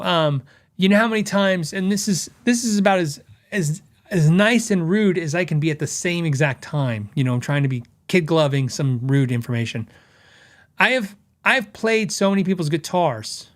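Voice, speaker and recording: A middle-aged man hosts a podcast in a relaxed, chatty way, often restarting his sentences and slipping into quick quoted asides. His voice sits a little high for a man. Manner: conversational, self-correcting, quotes customers in asides. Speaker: podcast host; guitar repair tech. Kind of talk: casual podcast talk.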